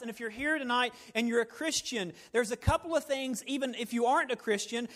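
A male pastor preaching a sermon in church, animated and folksy, swinging from punchy emphasis to hushed, near-whispered lines. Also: very high-pitched. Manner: folksy, joking asides. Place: church sanctuary, evening service.

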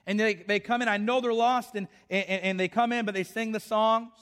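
A man's voice: sits high, steady tone, normal speed, a bit bright. A man preaching a sermon with passion, repeating phrases and restarting his sentences. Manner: impassioned, repetitive, with frequent restarts.

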